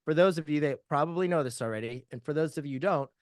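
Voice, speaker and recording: A man's voice: on the high side, fast talker, no room sound, studio quality. A man teaching insurance sales, upbeat and joking as he walks through client questions. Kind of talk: sales training talk with role-play.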